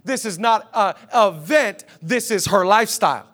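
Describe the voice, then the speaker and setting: High-voiced impassioned male pastor. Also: lively intonation, normal speed, a bit bright. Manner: impassioned, urging the congregation. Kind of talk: sermon.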